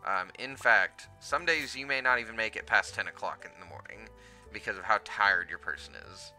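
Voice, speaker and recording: A man's voice: on the low side, normal speed, pushed and bright, faint music behind. A man hosting a let's play, casually explaining the game as he plays with lots of ums. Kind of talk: gameplay commentary.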